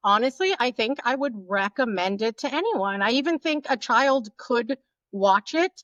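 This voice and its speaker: A woman's voice: fairly high pitch, lively intonation, moderate pace, a bit bright, dry recording. Enthusiastic woman guest on dull remote audio. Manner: enthusiastic, talkative, laughs easily. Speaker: podcast guest. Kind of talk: casual chat about a film.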